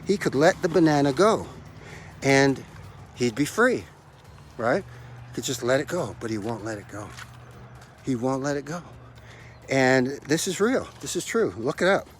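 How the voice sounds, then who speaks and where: A man's voice: mid-range voice, lively intonation, measured pace, pauses often, slight background noise. A man hosting a motivational podcast as a life coach, out of breath from running stairs, talking emphatically and repeating his key phrases like a preacher.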